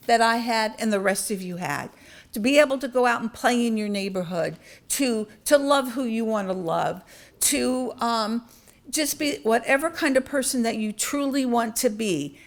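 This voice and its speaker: A woman's voice: fairly high pitch, fairly bright tone. An older woman speaking as a guest to a club, earnest, candid and conversational. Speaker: guest speaker, party official. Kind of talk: talk to a club with audience questions.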